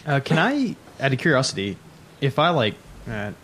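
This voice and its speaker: A man's voice: mid-range voice, big pitch swings, moderate pace, fairly bright tone. A man playing a tabletop game, eager and asking hopeful questions. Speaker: player. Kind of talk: casual tabletop play. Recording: faint background noise.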